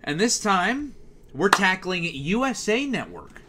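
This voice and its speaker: A young YouTuber rants casually and with exasperation about a TV channel's schedule, full of fillers and restarts. His high voice is very animated yet slow, and background noise can be heard.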